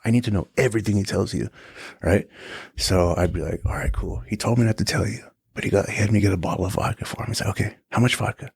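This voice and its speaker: A man's voice: lowish voice, fast talker, creaky, a little mellow, breathy edge, no echo, studio quality. A man in his forties, a guest on a podcast, telling casual anecdotes with lots of swearing, acting out quotes and laughing often. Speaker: guest, tour security guard.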